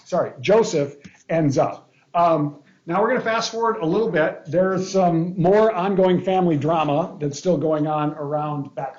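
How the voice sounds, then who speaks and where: A man's voice: a little high, a little mellow, reverberant, muffled recording. A man, a pastor, leading a casual Bible study lesson, reading scripture aloud and breaking off for joking asides and questions to the group.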